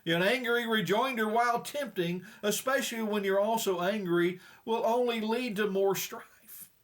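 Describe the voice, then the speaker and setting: A man's voice: sits high, normal speed. A male preacher giving a folksy, plain-spoken sermon with frequent hesitations.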